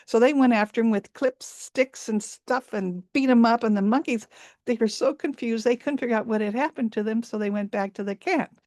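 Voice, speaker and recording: The storyteller's fairly high, darkish-toned voice moves at normal speed, captured in clean studio sound without echo. She tells a folk tale live over a video call, repeating words for emphasis and savoring sensory detail.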